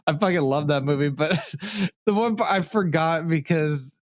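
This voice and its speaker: A man's voice: on the high side, moderate pace, dry recording, studio quality. A man hosting a podcast in casual chat, talking loosely with lots of swearing and laughing. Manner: loose, profane, laughing often. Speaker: podcast host.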